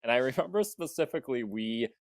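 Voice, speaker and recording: A man's voice: mid-range voice, lively intonation, quick pace, no room sound, studio quality. A man co-hosting a comedy podcast, telling a rambling anecdote in casual chat. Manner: rambling anecdotes with laughing restarts. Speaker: podcast co-host.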